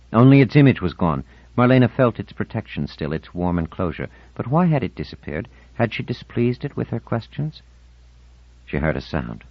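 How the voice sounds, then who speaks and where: A deep-voiced man narrates an audiobook with a lively, expressive rise and fall. The sound is dry and a little dull. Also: dry recording. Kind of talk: scripted narration. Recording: dull, dry studio recording.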